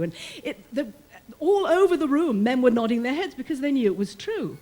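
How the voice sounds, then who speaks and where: A middle-aged woman with a British accent tells a personal story from her time as a prison chaplain. Her voice sits high and swings widely in pitch as she plays out the people she quotes. Her delivery is warm and humorous, paced for a live audience. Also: big pitch swings, brisk. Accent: British English. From Britain.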